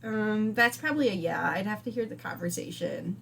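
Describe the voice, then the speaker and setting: Young female co-host, Wisconsin accent, chatty and quick to laugh, faint hum behind. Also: mid-range voice, creaky, fairly bright tone. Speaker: podcast co-host. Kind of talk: casual chat.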